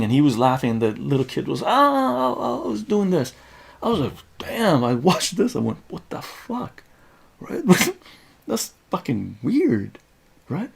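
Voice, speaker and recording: A middle-aged man from Iran streams live, telling profane stories in a casual, animated way and checking in often with "right?". His medium-pitched voice is creaky with a breathy edge.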